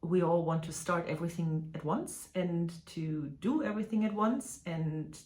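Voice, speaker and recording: Stitching vlogger, woman, native German speaker, chatty and hesitant, slightly low voice, echoey room. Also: moderate pace, a little mellow. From Germany (Hanover). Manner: chatty, hesitant, many fillers and restarts. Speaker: flosstube host. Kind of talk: casual chat to camera.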